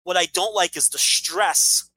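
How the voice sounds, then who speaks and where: A man's voice: sits high, unhurried, sharp tone, breathy edge, rough recording. A man co-hosting a casual podcast, opinionated and ranting, swearing freely as he makes his case. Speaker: podcast co-host.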